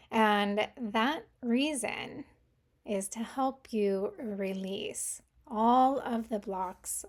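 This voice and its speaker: Slow, gentle woman doing a crystal reading. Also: mid-range voice. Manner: unhurried, gentle, many filler ums. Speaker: intuitive crystal reader. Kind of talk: casual spoken crystal reading.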